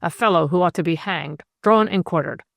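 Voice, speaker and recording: A woman narrator voices a cool, calculating female conspirator who speaks with composure but jumps to sharp, bright rises. Her voice is on the low side, brisk and gravelly. The studio sound is clean, with no echo.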